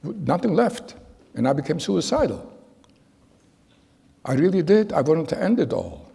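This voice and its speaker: A man in his nineties giving spoken testimony to an audience in a large hall, telling his story in a halting, earnest way with repeated phrases. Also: a little high, big pitch swings, vocal fry, warm tone, slightly rough. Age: 90s. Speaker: Holocaust survivor giving testimony. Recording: long reverb of a large hall.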